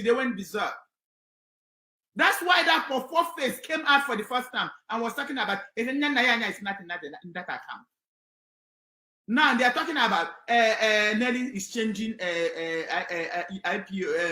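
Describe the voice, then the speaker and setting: A Nigerian woman giving impassioned on-air commentary in a fervent, preacherly way, often raising her voice to a shout. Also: a little high. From southeastern Nigeria. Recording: roomy echo.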